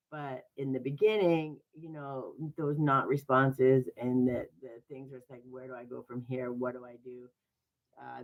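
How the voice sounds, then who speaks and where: Horoscope reader hosting a casual live stream, chatty, earnest, a bit sarcastic, mid pitch, dull lo-fi sound.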